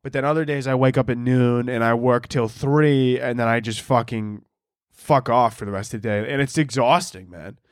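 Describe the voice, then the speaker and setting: A man's voice: mid-range voice, fairly even intonation, normal speed, no room sound, studio quality. A man hosting a podcast alone, rambling casually and mocking himself with plenty of swearing. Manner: rambling, profane, self-mocking. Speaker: podcast host. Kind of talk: casual solo chat.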